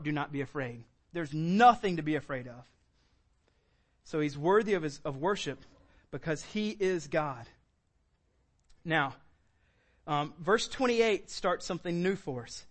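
Male pastor, high-pitched, lively sermon delivery with acted-out quotes. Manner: animated preaching, acts out quoted lines with sudden high bursts.

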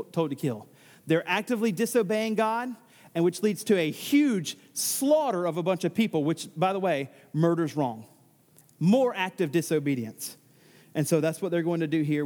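A man's voice: high-pitched, darkish tone, long reverb tail. A man preaching a sermon that works through a scripture passage, talking conversationally with frequent restarts and joking asides. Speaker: pastor. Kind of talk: expository sermon with scripture reading.

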